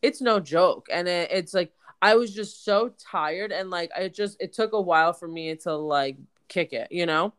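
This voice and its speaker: Woman, podcast co-host, congested, candid, casual swearing, smooth voice. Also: lowish voice, normal speed, hardly any pauses, a bit bright. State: congested, voice deepened. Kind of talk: casual chat.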